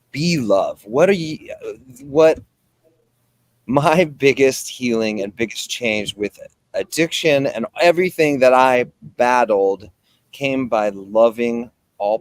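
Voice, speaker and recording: Slow, low-voiced reflective man. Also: no room sound, rough recording. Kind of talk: casual talk show discussion.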